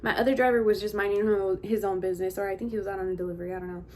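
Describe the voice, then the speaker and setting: A woman's voice: mid-range voice, flat delivery, racing, a little mellow, slight background noise. A young woman vlogger chatting casually as she tells a story while getting ready. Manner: chatty, slangy, heavy use of "like" and "bro".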